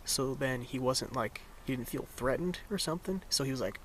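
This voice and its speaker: A young man talks in an easy, rambling vlog style at a middling pitch, leaning on filler words as he goes. Clear traffic and outdoor noise run underneath the whole time. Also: brisk, hardly any pauses. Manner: laid-back, rambling, full of "like" fillers. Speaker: vanlife vlogger. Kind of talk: casual vlog storytelling. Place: around his van and campsite. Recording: steady road and outdoor noise behind.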